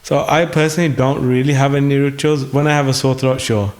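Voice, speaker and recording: A man's voice: medium pitch, little pitch movement, quick pace, darkish tone. A man in a conversational interview, speaking thoughtfully with hesitant restarts, his voice still recovering after an illness. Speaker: guest musician.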